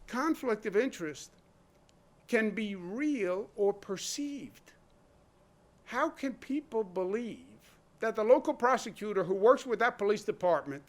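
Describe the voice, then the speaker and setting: A man speaking as a state governor in a public briefing, blunt and emphatic, driving his points home with rhetorical questions. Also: high-pitched. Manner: blunt, conversational.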